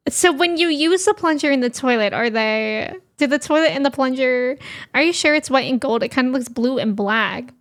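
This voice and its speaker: A woman's voice: high voice, moderate pace. A young woman streaming a game, giggling and reacting aloud in casual chat. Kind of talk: casual live-stream commentary.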